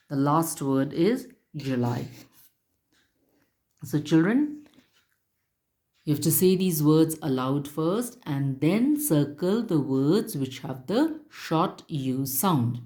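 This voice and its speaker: A woman teaching young children in a recorded lesson, speaking very slowly and deliberately. Her voice sits low but swings widely in pitch. She spells words out letter by letter and patiently repeats each instruction. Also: animated, warm tone.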